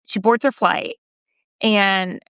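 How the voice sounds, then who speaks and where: A woman podcast host and journalist recounting a story in casual conversation, animated and full of fillers, raising her voice when quoting others. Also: slow pace, clear, resonant tone, dry recording. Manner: animated retelling, voicing quoted remarks higher, frequent fillers.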